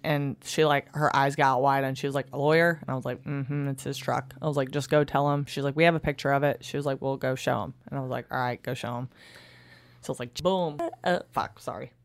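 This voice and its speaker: A woman telling a story in casual chat with friends, animated and full of "like"s as she acts out what people said. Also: rumbling low, fast talker. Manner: animated, laughing, acts out quotes, many "like"s.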